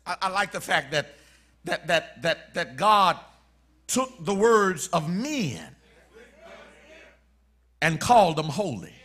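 Emphatic preacher man, lively high voice. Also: slow, long pauses. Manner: emphatic, repetitive, swings between soft and shouted. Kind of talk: sermon.

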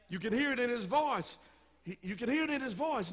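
A man preaching a sermon in a church, telling the story with animated call-and-response to the congregation. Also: extremely high pitch, a little fast. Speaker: pastor.

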